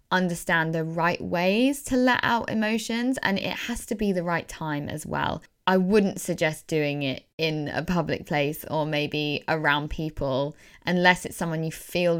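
A woman with a lowish, clean-sounding voice hosts her own podcast as a coach, speaking solo in a casual way. She comes across as earnest and reflective, doubling up words for emphasis.

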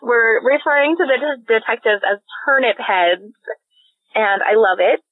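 A woman's voice: on the high side, moderate pace, no room sound. A woman co-hosting a podcast about a novel, agreeable and giggly, chiming in often with a mm-hmm. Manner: agreeable, giggly, lots of mm-hmms. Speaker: podcast co-host. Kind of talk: casual book discussion. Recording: dry, phone-like audio.

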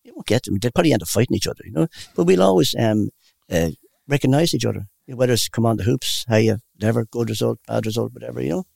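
Brief: older male interviewee, fast and gravelly, dry close sound, anecdotal rambler. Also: mid-range voice, no echo. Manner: rambling, warm anecdotal storyteller. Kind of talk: casual storytelling.

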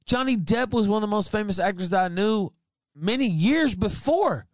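A man with a notably high, animated voice that swings widely as he rants. He talks in heated, profane bursts, close and dry with no room sound. It is loose, angry podcast chatter. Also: normal speed, no room sound. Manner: heated, profane, shouting insults. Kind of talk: casual podcast rant.

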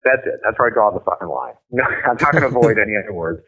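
A man's voice: medium pitch, animated, quick pace, bright, forceful tone, husky. A middle-aged man, a guest author in a casual interview, talking in a blunt, profane and emphatic way. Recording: tinny phone-like line.

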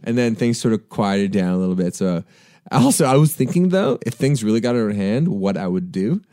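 A Canadian man, a podcast co-host, telling a rambling story in casual chat and getting animated when he quotes people. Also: lowish voice, a little fast, no room sound, studio quality. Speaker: podcast co-host and band singer.

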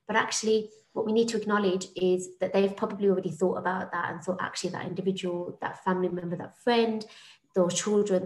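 A woman's voice: medium pitch, roomy sound, rough recording. A woman with a British accent who works in suicide prevention, speaking earnestly in a podcast conversation and repeating words as she starts a thought.

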